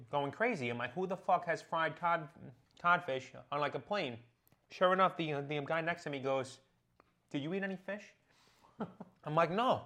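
A man's voice: fairly high pitch, sharp tone. A young man hosting a podcast, telling rambling stories full of fillers and swearing, laughing along. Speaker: podcast host. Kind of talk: casual comedic storytelling.

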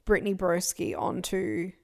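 A young woman co-hosts a podcast, gossiping casually and animatedly about influencer drama and quoting people in put-on voices. Her voice is lowish and her pace moderate.

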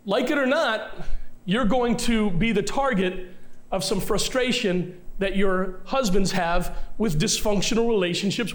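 A male pastor preaching a sermon, talking straight to his listeners with emphatic repetition and rhetorical questions. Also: high voice. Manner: direct address to the congregation.

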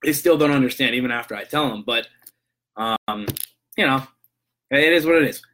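A man with a bright, forward voice talks through his podcast in a loose, rambling monologue. He keeps circling back with restarts and asides, and his tone turns earnest as he gives motivational advice. He speaks at a middling pitch. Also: moderate pace, slight background noise. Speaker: podcast host. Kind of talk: casual monologue, storytelling about work calls.

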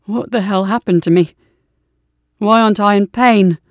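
A woman's voice: medium pitch, normal speed, dry recording, studio quality, close to an everyday voice. A woman reading a storybook, voicing a wounded male soldier who is confused and alarmed, asking urgent, bewildered questions.

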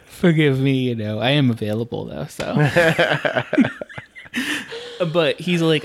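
Animated, swearing podcast co-host. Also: mid-range voice, takes it slowly, pauses often, a little hiss or hum. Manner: animated, swears freely, acts out quotes. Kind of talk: casual movie-review chat.

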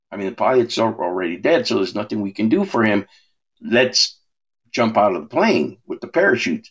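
A man talking about his faith in a relaxed way, asking rhetorical questions and often restarting his words. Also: on the low side, normal speed. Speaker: minister. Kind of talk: preaching conversation.

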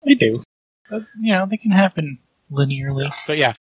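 A man's voice: a little high, animated, normal speed, husky, dull audio. A man playing a tabletop role-playing game, describing his character's moves step by step. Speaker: player.

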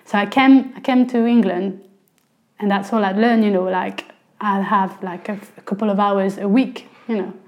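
A woman's voice: mid-range voice, fairly even intonation, moderate pace, a little mellow. A woman from France in her forties with a French accent, chatting casually as an interview guest, with lots of "you know" fillers.

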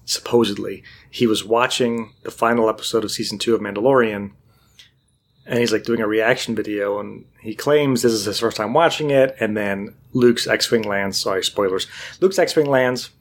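A man's voice: lowish voice, normal speed. A man in casual chat, telling a long story and acting out what other people said. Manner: animated storyteller, acts out quotes.

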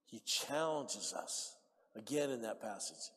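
A man preaching a sermon in a church, emphatic and calling for amens, rising to shouts and dropping to hushed appeals. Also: mid-range voice, animated, slow. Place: church sanctuary. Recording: long hall reverb.

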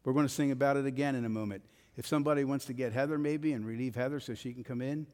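A man's voice: medium pitch, fairly even intonation, very fast, a little mellow. A male pastor preaching a sermon with an emphatic rising and falling cadence. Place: church sanctuary. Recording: long hall reverb.

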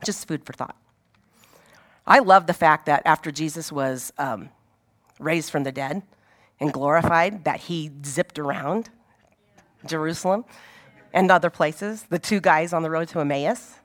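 A woman's voice: low-pitched, measured pace, long pauses. A woman giving an informal Bible teaching in a conversational way, often asking her listeners rhetorical questions.

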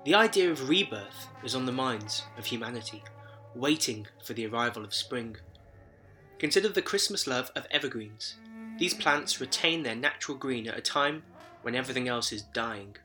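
A man hosting a podcast, reading a scripted narration in a measured, storytelling way while his voice sounds slightly deep and sick from a head cold. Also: lively intonation, sharp tone, soft background music. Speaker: podcast host.

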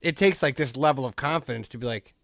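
A man's voice: medium pitch, gravelly, fairly bright tone, no room sound. Easygoing podcast man, dry close sound. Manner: loose, filler-heavy, with quick agreeing replies. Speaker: podcast co-host. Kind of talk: casual chat.

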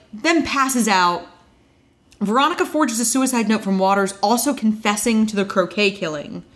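A woman's voice: mid-range voice, fairly bright tone. Chatty woman recapping with wry asides. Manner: chatty, wry asides, quick quoted voices. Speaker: podcast co-host recapping a TV episode. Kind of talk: casual recap chat.

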